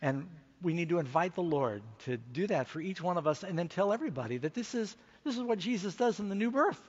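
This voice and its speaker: A middle-aged man preaching a conference sermon, telling a story and rising to excited, emphatic peaks. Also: high-pitched, fast, few pauses, slightly rough, dull audio. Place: large conference hall stage.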